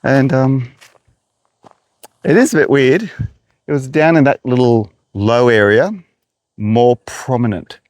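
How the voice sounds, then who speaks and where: A man's voice: mid-range voice, steady tone, slow pace, pauses often, a little mellow, no room sound, rough recording. An Australian man, a horticulturist, chatting to viewers as he walks around a garden outdoors, a little out of breath. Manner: chatty, talks straight to viewers. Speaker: horticulturist vlogger. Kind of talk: walking garden tour vlog.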